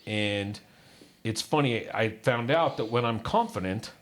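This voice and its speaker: A man telling his own life story candidly, acting out what others said and dropping low and quiet on the painful parts. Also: lively intonation, measured pace. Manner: candid, acts out quoted voices, drops low on painful parts. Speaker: guest. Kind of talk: personal storytelling.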